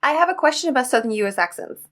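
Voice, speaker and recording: A woman's voice: high-pitched, rapid-fire. Chatty woman co-host, lots of "like". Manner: chatty, animated, many "like"s. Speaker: podcast co-host. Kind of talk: casual chat.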